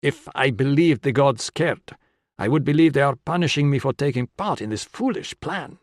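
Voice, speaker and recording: A man's voice: medium pitch, animated, normal speed, no echo, studio quality, voice pushed up, lightly acted. A man voicing an anxious, apologetic, formal injured man with a skinny frame. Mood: earnest.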